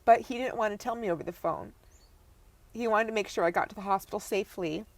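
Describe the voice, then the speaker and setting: A young adult woman, a podcast guest, telling a painful personal story in a halting way, often breaking off and dropping her voice low. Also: no echo. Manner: halting, breaks off and restarts, voice drops to near whisper at times.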